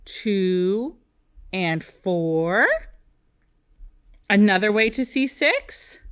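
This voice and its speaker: Slow, sing-song first grade teacher woman. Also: clean tone. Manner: slow, animated, sing-song teacher talk with big pitch swings. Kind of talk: TV classroom lesson for young children.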